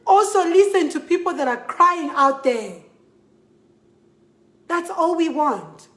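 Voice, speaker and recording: A woman's voice: very high voice, animated, slow pace, fairly bright tone, reverberant. A young Zambian woman with a Zambian accent, making an emphatic, impassioned direct-to-camera appeal. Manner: emphatic, repetitive, pleading and scolding. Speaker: model speaking out.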